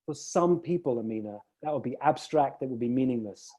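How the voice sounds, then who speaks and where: Dark-voiced male coach. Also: mid-range voice, expressive, a little fast. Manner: reflective, reframes the client's words and tells stories to make a point. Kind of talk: one-on-one coaching conversation.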